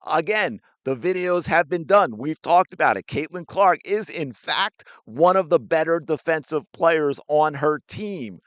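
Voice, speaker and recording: A man's voice: fairly high pitch, expressive, a little slow, few pauses, dry recording. A man hosting a sports podcast, ranting with indignant, sarcastic commentary while reacting to a clip.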